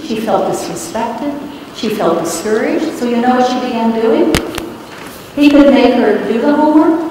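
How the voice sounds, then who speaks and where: A middle-aged woman giving a parenting talk to a live audience, telling stories in a lively, playful way and putting questions to the room. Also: a little high, slight background noise. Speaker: parenting speaker. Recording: echoey hall, heard from a distance.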